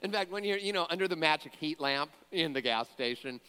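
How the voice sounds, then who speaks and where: A man's voice: on the high side, expressive, a little fast, sharp tone, clean tone, big-room sound. A man preaching a sermon as pastor, conversational, with joking asides and frequent fillers and restarts.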